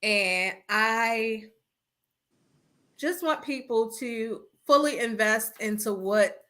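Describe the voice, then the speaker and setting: A woman with a rather high, bright voice hosts a casual podcast over an internet call, speaking extremely slowly. She tells animated stories and slips into other people's voices when quoting them, her tone staying bright and forward throughout.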